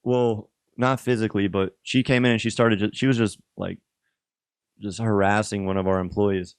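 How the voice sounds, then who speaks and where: A man guest on a casual podcast telling animated, slangy stories about restaurant work, swearing freely and calling people "bro". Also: on the low side, normal speed, clear, resonant tone, no room sound, studio quality.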